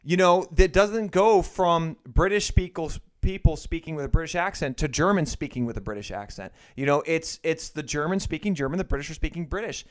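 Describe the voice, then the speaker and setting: A man's voice: a little high, brisk, hardly any pauses. Opinionated man ranting about movies. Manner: opinionated, animated, swings from muttering to exclaiming. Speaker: podcast co-host. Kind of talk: casual movie chat.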